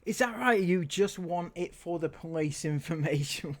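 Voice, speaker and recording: A man's voice: high voice, a little slow, hardly any pauses. A man doing sarcastic commentary on online clips, mocking and laughing at what he plays. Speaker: commentary YouTuber.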